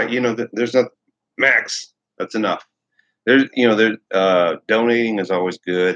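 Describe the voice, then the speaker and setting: A man hosts a casual livestream, rambling and repeating himself while reading viewer comments out loud. His voice is deep with a fairly bright tone, and the rough recording has no echo.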